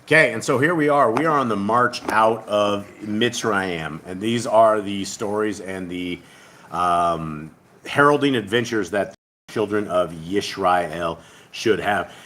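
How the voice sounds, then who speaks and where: A man's voice: fairly low pitch, a little slow, a bit bright. A man hosting a casual livestreamed Bible study, reading scripture aloud and explaining it in a rambling, conversational way.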